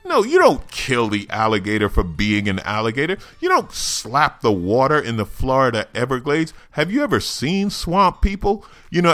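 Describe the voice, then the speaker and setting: A man's voice: mid-range voice, a bit bright, dry recording. A man hosting a comedy news podcast, delivering sarcastic, mocking commentary and laughing at his own jokes. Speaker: podcast host.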